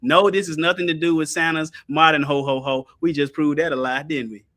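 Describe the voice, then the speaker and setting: A man's voice: on the high side, fairly even intonation, a little fast, pushed and bright. A man hosting a casual online ministry stream. He talks animatedly and reads answers aloud to his chat. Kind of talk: casual teaching livestream.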